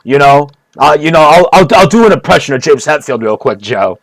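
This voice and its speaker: A man's voice: fairly high pitch, lively intonation, brisk, no room sound. Rambling man with dry close mic. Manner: rambling, repetitive, mock-serious. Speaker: streamer. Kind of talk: rambling comedic monologue.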